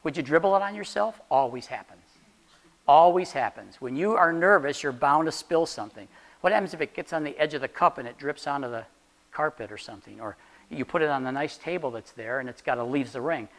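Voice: medium pitch, quick pace, fairly bright tone. A chatty instructor leads a class through practical advice in a loose, conversational way. The voice keeps throwing questions out to the room and slips in jokes along the way. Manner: jokey, laughs at own jokes. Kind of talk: classroom talk on job interviews.

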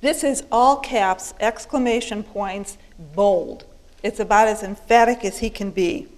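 A woman's voice: mid-range voice, measured pace, darkish tone, poor audio. A woman teaching a Bible study group, working through a passage line by line. She explains patiently, leans hard on key words, and stumbles into fillers and restarts.

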